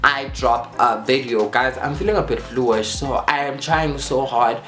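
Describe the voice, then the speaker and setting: A man vlogging a casual storytime, animated and dramatic as he acts out the dialogue. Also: medium pitch, measured pace. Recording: roomy echo, faint music.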